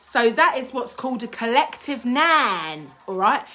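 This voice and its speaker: A woman's voice: on the high side, very animated, unhurried, pushed and bright. A woman presenting a live-streamed craft tutorial, telling playful made-up facts, giggling and chatting with many fillers.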